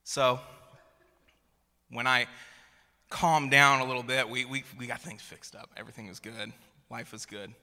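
A little slow and prone to long pauses, this thirtysomething pastor speaks with a steady, medium-pitched, sharp-toned voice. During his sermon he shares a funny family story, often restarting and repeating words. Long reverb from a large hall surrounds him.

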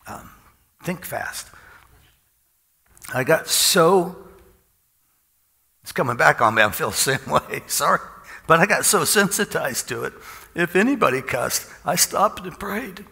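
A man's voice: a little high, moderate pace, gravelly, long pauses, sharp tone, in a large hall. A middle-aged man preaching an informal sermon, telling folksy stories and chuckling often.

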